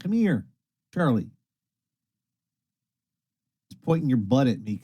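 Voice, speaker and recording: A man's voice: medium pitch, measured pace, pauses often, no room sound, muffled recording. A tired man hosting a late-night internet radio stream, chatting loosely and swearing as he rambles between songs. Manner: lively, rambling, swears casually.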